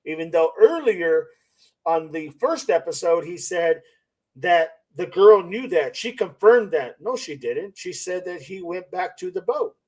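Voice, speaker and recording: A man with a fairly high voice hosts a live-stream commentary. He talks skeptically, circling back to the same points and throwing out rhetorical questions. Now and then he reads comments from viewers aloud. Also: animated, unhurried, a little mellow, poor audio. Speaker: channel host.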